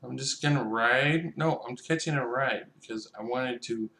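A man's voice: medium pitch, moderate pace, creaky, sharp tone, reverberant. A young man giving casual, joking gameplay commentary, profane and chatty as he talks to the other players.

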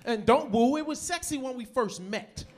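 A man in his forties from the United States doing an animated stand-up set on a comedy club stage. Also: very high-pitched, moderate pace. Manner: animated storytelling, slips into voices. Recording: live club with audience laughter.

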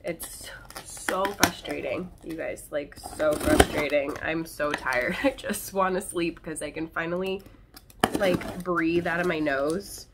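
A woman's voice: fairly low pitch, measured pace. A woman vlogging in her bedroom, talking chattily to viewers while her throat is scratchy and tickly from a cold. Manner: chatty and excitable, addressing viewers directly. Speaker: plant channel host. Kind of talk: casual unboxing vlog.

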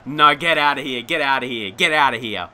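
A young man commentating his own football video game, excitable and quick to rant in frustration. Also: mid-range voice. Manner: excitable, swings into frustrated shouting and rants. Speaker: gaming YouTuber. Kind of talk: live gameplay commentary.

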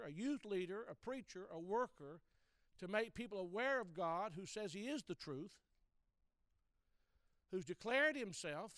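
High smooth-voiced preacher guy, emphatic, keeps repeating points, dry close sound. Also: fairly bright tone, no room sound. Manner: emphatic, repeats key phrases, addresses listeners directly. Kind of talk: teaching sermon.

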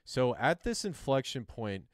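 In studio-quality audio with no room sound, a male crypto livestream host speaks in a mid-range voice, very animated yet unhurried. He draws a chart on screen while casually explaining it, keeping things loose, chatty, and sprinkled with jokes at his own expense.

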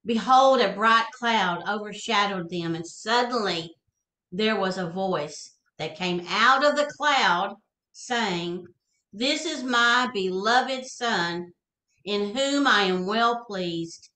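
A woman reading scripture aloud in a slow, soft, affirming way. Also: medium pitch, expressive, echoey room, poor audio. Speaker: co-host.

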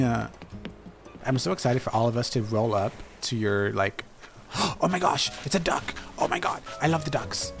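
A man's voice: medium pitch, normal speed, gravelly. A man giving playful, chatty commentary while streaming a game, talking back to the characters on screen. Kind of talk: casual gameplay commentary. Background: game music.

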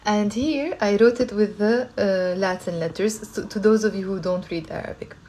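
A woman teaching Arabic live from her phone, lively and coaxing, repeating words for learners to drill. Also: medium pitch, moderate pace. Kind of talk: live-streamed language lesson.

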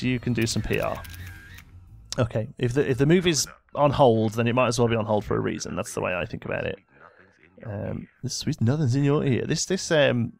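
A young let's play host with a creaky, medium-pitched voice gives laid-back commentary on his game. He directs his characters around, pretending to be exasperated with them.

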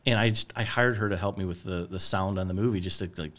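A man's voice: low-pitched, quick pace, fairly bright tone. A middle-aged man as a filmmaker guest, talking casually and searching for words with many restarts. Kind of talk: casual conversation.

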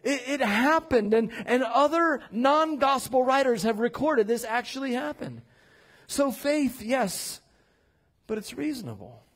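High-voiced animated male pastor preaching. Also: measured pace. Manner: animated, acts out quoted voices, rises to loud declarations. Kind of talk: sermon. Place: church sanctuary.

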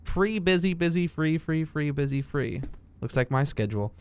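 A man's voice: on the high side, lively intonation, moderate pace, clean tone. A young man giving jokey let's-play commentary, talking to himself and yelping at the game. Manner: jokey, talks to himself, bursts into yelps and shouts at the game. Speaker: gaming video creator.

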